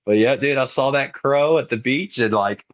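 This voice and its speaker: Speaking at a normal pace in a mid-range voice, a man in his twenties who wrestles tells a story as a podcast guest. He keeps the talk casual and acts out other people's lines with animation; the recording is muffled and lo-fi.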